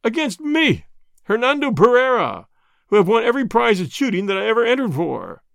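Braggart, storybook: man reading as a loud swaggering show-off, high and lively. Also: a little fast, gravelly, dry recording, exaggerated voice. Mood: bragging. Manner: swaggering and mocking, laughing at others. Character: boastful rich man, loud, mocking bragger.

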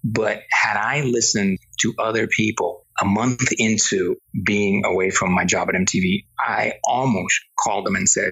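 A man's voice: lowish voice, moderate pace, hardly any pauses, fairly bright tone, husky, lo-fi sound. A man from Spain, a guest on a podcast, telling his career story in a casual, earnest, reflective way and often repeating words as he thinks. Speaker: podcast guest, television producer.

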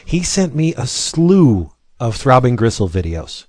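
A man's voice: mid-range voice, very animated, measured pace, darkish tone, no room sound. A man co-hosting a podcast in casual chat, joking and stumbling over repeated words. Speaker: podcast co-host.

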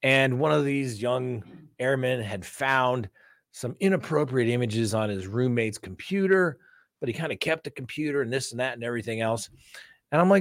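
Animated male defense attorney, dry sound. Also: mid-range voice, normal speed, no echo. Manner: animated storytelling, acting out courtroom exchanges. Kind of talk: casual chat answering viewer questions.

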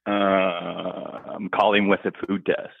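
Chill guy calling in, low voice, phone-line sound, bouncy delivery. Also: level tone, slow, creaky, dry recording. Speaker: caller. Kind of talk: phone call-in chat.

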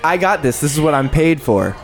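A podcaster playing an overly attentive male restaurant waiter who hovers with a creepy smile, in an everyday voice, with loud music behind. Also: medium pitch, lively intonation, brisk, close to an everyday voice. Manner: eerily solicitous, hovering.

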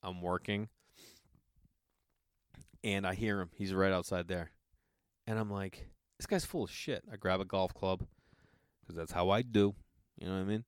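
A man hosting a podcast, telling a story in a loose, profane, animated way and acting out the quotes. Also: sits low, unhurried, long pauses, clean tone, dry recording, clean studio sound. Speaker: podcast host. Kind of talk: casual storytelling monologue.

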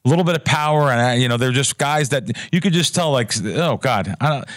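A man's voice: medium pitch, expressive, a little fast, fairly bright tone. A man who is a professional sports bettor, telling a story on a podcast in a heated, emotional way with stammering restarts. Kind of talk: casual podcast chat.

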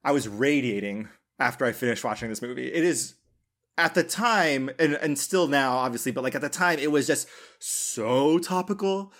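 A man's voice: mid-range voice, expressive, moderate pace, fairly bright tone. Rambling, blunt male podcast co-host. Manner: rambling, blunt, heavy on fillers and swearing. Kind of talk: casual film podcast chat.

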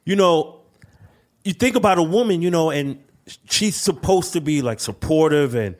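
A man's voice: a little high, expressive, moderate pace. A man chatting as a podcast co-host, blunt and full of slang and swearing. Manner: blunt, profane, street slang. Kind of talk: casual studio podcast chat.

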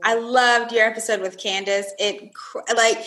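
A woman, a longtime friend of the host, excitedly recounting in casual chat. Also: fairly high pitch, normal speed, rough recording.

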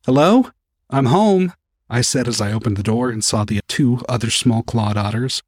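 A man narrating a first-person story as an audiobook reader, calm and even. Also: fairly low pitch, a little fast, husky, no echo, clean studio sound.

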